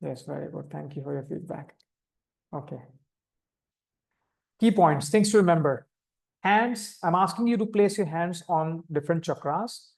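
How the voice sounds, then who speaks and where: A man with an Indian English accent leads a meditation class, explaining each step calmly and simply. His voice sits fairly high for a man. It comes through a video call. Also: normal speed, gravelly, pauses often. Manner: calm, step-by-step instructing, demonstrating vocal sounds. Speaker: meditation teacher. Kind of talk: live online meditation instruction.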